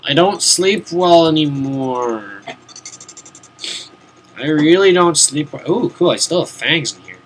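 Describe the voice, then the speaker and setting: A young man chats his way through a video game on stream, his pitch swinging widely as he rambles, mocks himself and mutters. He sounds a little tired, and a faint hiss sits under his voice from a home desk mic. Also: expressive, slow, pauses often. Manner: rambling, self-mocking, swears casually, mutters to himself. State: tired, yawning. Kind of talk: casual let's-play commentary. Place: home room, seated at a desk.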